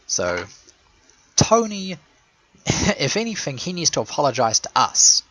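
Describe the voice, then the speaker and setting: Male commentator: sarcastic rambler, lively swings in pitch. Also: unhurried, low-quality recording. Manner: sarcastic, rambling, laughs at own jokes. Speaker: show fan and caller. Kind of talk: casual commentary monologue.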